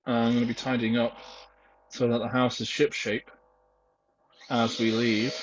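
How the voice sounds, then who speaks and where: A young man rambles in a casual vlog recorded indoors at home, peppering it with fillers and putting himself down in asides. His mid-range voice has a darkish tone and a little hiss or hum, and the headset mic sounds dull, lo-fi and clipped.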